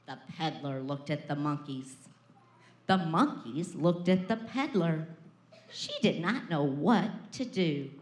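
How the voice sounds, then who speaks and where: A preschool teacher, a woman, reading a picture book aloud to children with expressive storytelling and dramatic pauses. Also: mid-range voice. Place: preschool classroom. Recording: echoey classroom.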